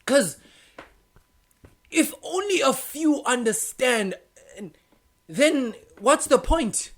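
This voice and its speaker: A young man with a Xhosa South African accent, talking through a casual, animated opinion vlog, often switching languages in mid-sentence and laughing as he goes. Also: very high voice, drawn-out words. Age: young adult. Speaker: vlogger.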